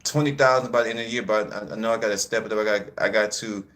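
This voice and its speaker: A man's voice: on the low side, fairly even intonation, racing, fairly bright tone. Laid-back man hosting a casual vlog. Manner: laid-back, repetitive, talks straight to viewers. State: a little out of breath. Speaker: channel host. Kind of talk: casual live commentary vlog.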